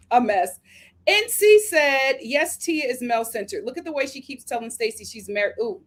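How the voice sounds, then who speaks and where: An American woman hosting a live review stream. She reads viewer comments aloud and answers them in slangy, chatty talk, laughing often and drifting into quick asides. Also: high-pitched, big pitch swings. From United States. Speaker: reality TV reviewer hosting a livestream. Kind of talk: casual livestream commentary reading viewer comments.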